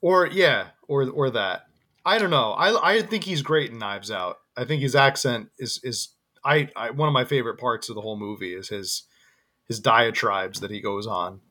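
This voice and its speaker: Bright, animated male podcast co-host. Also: medium pitch, normal speed. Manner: animated, jokey, many restarts. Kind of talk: casual movie review chat.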